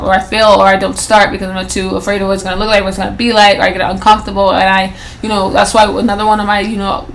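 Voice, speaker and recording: A woman's voice: medium pitch, gravelly, a bit bright, a little hiss or hum, rough recording. A woman in her twenties hosting a solo podcast, talking casually and rambling, often restarting and correcting herself with plenty of "like" and "you know". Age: 20s. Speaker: podcast host.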